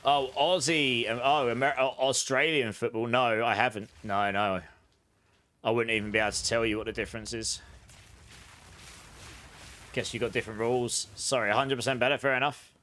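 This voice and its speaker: A man chats easily while he plays a game on stream, answering his viewers as he goes. He drifts into long, rambling anecdotes and laughs his way through them. His voice sits at an ordinary middle pitch. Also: fairly even intonation, normal speed, fairly bright tone. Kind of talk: casual chat while gaming, answering chat.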